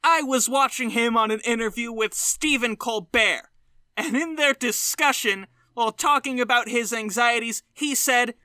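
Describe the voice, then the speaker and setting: A man co-hosting a podcast, telling animated, self-deprecating stories in casual chat. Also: extremely high pitch, normal speed, clean tone, no room sound, clean studio sound. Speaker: podcast co-host.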